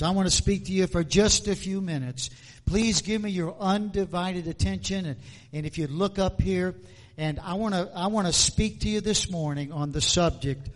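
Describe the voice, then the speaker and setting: A man preaching a sermon in a slow, emphatic way, repeating his questions. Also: sits high, big-room sound.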